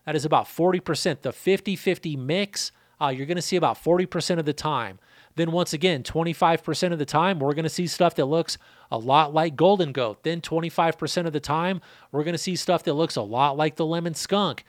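Brief: casual male host, slightly higher pitch, dry close sound, easygoing and profane. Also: fairly quick, dry recording. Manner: laid-back, swears casually, repeats numbers. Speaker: seed breeder and channel host. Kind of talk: casual answering of a viewer question.

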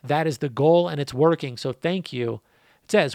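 A man's voice: medium pitch, fairly even intonation, moderate pace, no echo, studio quality. A man hosting a casual podcast, answering listener questions in a laid-back, profane, rambling way, his voice worn out. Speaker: podcast host.

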